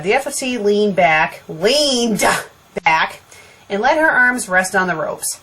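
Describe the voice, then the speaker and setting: A woman's voice: mid-range voice, expressive, measured pace, a bit bright, breathy edge. A young woman reading a fan story aloud for a comedy show, breaking off for dry, sarcastic remarks. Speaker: fanfiction critic and reader. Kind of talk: comedic fanfiction reading with commentary.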